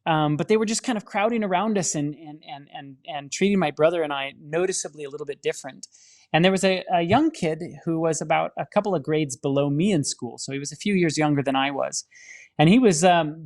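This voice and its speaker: A man, a film studio director, telling his personal faith testimony in an earnest storytelling manner, often restarting his sentences. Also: fairly high pitch. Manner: earnest storytelling with many restarts and dramatic acted-out quotes.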